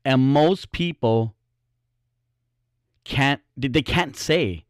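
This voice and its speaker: A man hosting a solo podcast, talking in a loose, profane rant full of restarts. His voice sits at an ordinary middle pitch and is recorded close and dry, with no room sound at all. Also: extremely slow, smooth, dry recording. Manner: blunt and profane, rambling with restarts. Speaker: podcast host.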